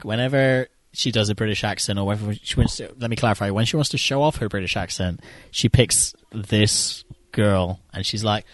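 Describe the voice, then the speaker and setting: A man's voice: lowish voice, a little fast, hardly any pauses, fairly bright tone, dry recording. A man chatting casually while watching a film, joking, swearing and laughing often. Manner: profane, laughs often, jokey. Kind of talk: casual chat.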